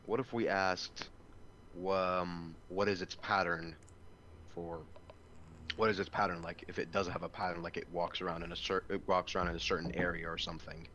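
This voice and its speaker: Super low voiced dude at a tabletop game, kinda hesitant, thinking out loud. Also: male voice, level tone, normal speed, dull audio, slight background noise. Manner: hesitant, thinks aloud with restarts. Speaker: player. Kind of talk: casual chat during a tabletop game.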